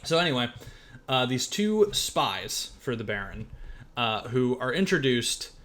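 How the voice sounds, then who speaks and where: A man's voice: mid-range voice, measured pace. A young man co-hosting a podcast, chatting casually about a film with lots of laughter and swearing. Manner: animated, laughing, swearing, putting on silly voices. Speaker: podcast co-host. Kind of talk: casual chat reviewing a film.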